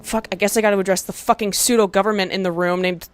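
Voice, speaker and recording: A woman's voice: medium pitch, steady tone, fast talker, music in the background. A young woman ranting to camera in a sarcastic, profane, exasperated commentary vlog, breaking into laughs. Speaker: video essayist.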